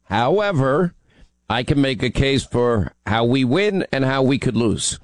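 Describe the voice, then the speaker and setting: A male radio host in a dry studio, fielding calls in a joking way. His voice sits at a middle pitch. He makes his political points with building urgency. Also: sing-song, a little slow, no echo. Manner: teasing, then emphatic and urgent. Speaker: radio talk show host. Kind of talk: talk radio call-in.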